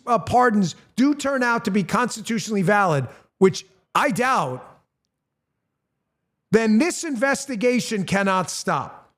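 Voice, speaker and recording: A man's voice: animated, measured pace, fairly bright tone. A middle-aged man hosting a political commentary show, talking bluntly and getting heated, with swearing. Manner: blunt, heated, swears and rises in pitch when angry. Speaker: host.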